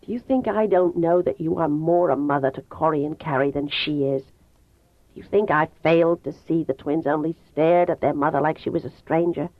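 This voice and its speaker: A woman reading an audiobook voices an earnest, protective teenage boy in a lowered, hushed voice. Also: normal speed, dry recording. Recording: tinny phone-like dry sound.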